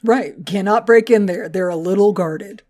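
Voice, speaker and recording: A woman co-hosting a podcast, talking in a casual, chatty way. Her pitch sits in the middle range. She swears freely and laughs easily. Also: normal speed, darkish tone. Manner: chatty, profane, laughs a lot. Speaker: podcast co-host.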